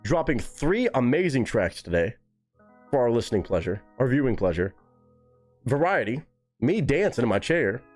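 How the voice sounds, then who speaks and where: A young man hosting a live music reaction stream, talking casually and excitedly to his chat with plenty of swearing. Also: mid-range voice, moderate pace. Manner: excitable, profane, talks straight to chat.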